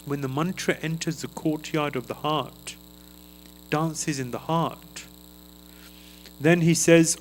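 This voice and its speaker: A man preaches a devotional sermon at a temple gathering, his slightly raised voice moving slowly and earnestly. He pauses between short phrases and chants a mantra aloud. A faint electrical hum sits under the recording. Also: on the high side, fairly even intonation, poor audio. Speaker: guest speaker at a temple feast. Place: temple hall.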